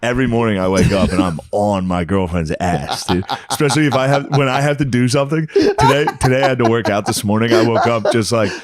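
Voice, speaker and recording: A man's voice: medium pitch, fast talker, hardly any pauses, a crowd in the background. A man co-hosting a comedy podcast, joking and swearing in casual chat. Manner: laughing, jokey, swears, lively voice. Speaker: podcast co-host.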